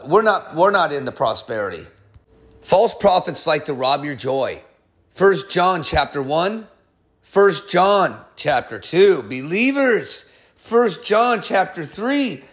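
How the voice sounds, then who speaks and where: A man preaching a fiery sermon as a pastor, upset and scolding, with heated, emphatic delivery and sudden swings of loudness. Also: high-pitched.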